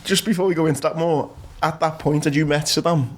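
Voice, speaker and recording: A man's voice: on the high side, fairly even intonation, fast talker. A man co-hosting a podcast, asking questions in casual chat with playful interjections. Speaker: podcast co-host.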